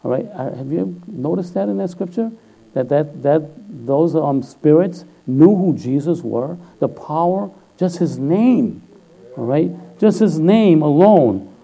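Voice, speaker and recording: A man preaching a sermon in an informal, chatty way, often checking in with "all right?" and rising loud and high when he exhorts or quotes. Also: lively intonation, unhurried, gravelly, low-quality recording.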